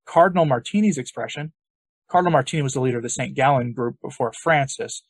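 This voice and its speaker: Husky, emphatic male podcast host. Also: mid-range voice, fast talker, no room sound. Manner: emphatic, sarcastic, argumentative. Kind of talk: opinion commentary podcast.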